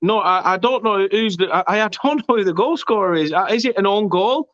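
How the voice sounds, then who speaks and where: A slightly high-voiced man runs a relaxed football watchalong, chatting and reading viewer comments between laughs. The sound is dry and dull, like a modest home mic on a live stream. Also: brisk, dry recording. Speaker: host of fan watchalong. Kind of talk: casual match commentary chat.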